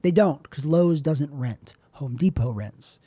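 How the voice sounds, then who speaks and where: A man rambles through a comic solo monologue, drifting from one tangent to the next and ribbing himself as he goes. His voice sits slightly high for a man but stays mellow and soft-edged. The sound is close and dry, with no room around it. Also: animated, unhurried, slightly rough, no echo. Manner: rambling, self-deprecating, jokey digressions. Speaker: podcast host.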